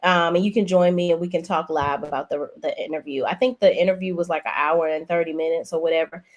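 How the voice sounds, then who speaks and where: A woman's voice: low-pitched, steady tone, fast, dull audio. Sassy woman chatting live to viewers. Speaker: livestream host. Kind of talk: casual livestream chat.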